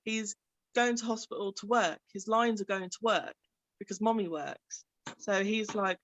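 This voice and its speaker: With a steady, mid-range voice at a moderate pace and no echo, this young English woman speaks in Birmingham English. She's a parent guest in a casual interview, full of chat and laughter, performing the quoted speech of others.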